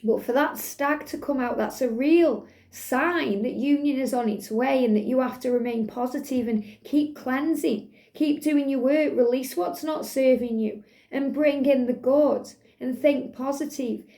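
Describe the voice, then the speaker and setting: A middle-aged woman gives a spiritual tarot reading in a soft, soothing way, sometimes half-singing lyrics. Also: sits high, measured pace, few pauses. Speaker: tarot reader.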